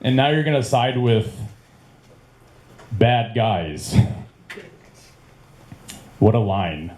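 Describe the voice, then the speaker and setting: A man's voice: mid-range voice, expressive, extremely slow, a little mellow. A man in his late thirties doing a rambling stand-up comedy set in a club, laughing at his own jokes. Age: 30s. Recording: echoey club with faint room noise.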